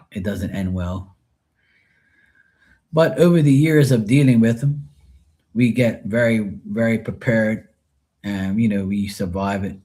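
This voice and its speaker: His voice sits on the low side and has a warm tone. He's from Bermuda, with the accent to match, and he rambles easily to people watching his live tarot stream.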